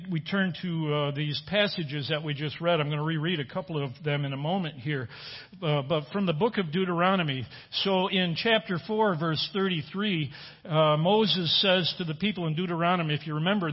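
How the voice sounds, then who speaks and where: A middle-aged man preaching a sermon, halting with fillers and restarts, slowing down to quote scripture with emphasis. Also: on the high side. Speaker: pastor. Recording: dull lo-fi audio.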